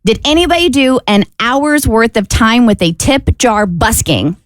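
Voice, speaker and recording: A woman co-hosting a morning radio show, briskly explaining the game rules. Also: fairly high pitch, animated, no room sound, clean studio sound. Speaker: radio co-host.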